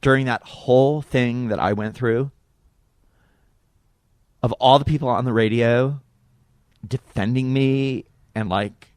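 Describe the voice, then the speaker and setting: A man's voice: mid-range voice, dry recording, clean studio sound, natural voice. A man putting on the voice of a breathless young woman who gushes and fills her speech with "like". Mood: tearful. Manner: gushing, filler-heavy "like". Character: breathless young woman, valley-girl gushy.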